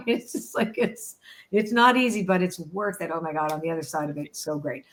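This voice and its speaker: A woman's voice: fairly low pitch, steady tone, brisk. Woman oracle reader, reflective and chatty. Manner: reflective, often checks in with "right?". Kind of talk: conversational card reading.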